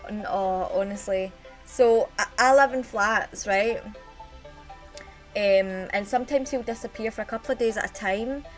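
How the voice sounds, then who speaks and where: A Scottish woman chats away on a home stream, rambling through a story and breaking off to welcome viewers by name. Her voice sits at an ordinary pitch, and soft music plays quietly behind her. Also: moderate pace. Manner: chatty, rambling storyteller greeting chat viewers. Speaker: live streamer. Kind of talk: casual live-stream chat.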